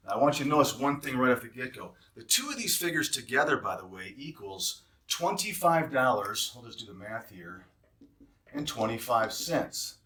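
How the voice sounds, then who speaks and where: Explaining a job offer to travel nurses, this male recruiter turns heated and emphatic over the hourly pay, mixing a walkthrough with a rant. He has a medium-pitched, sing-song voice, a sharp tone, and a moderate pace, recorded on a distant mic with roomy echo.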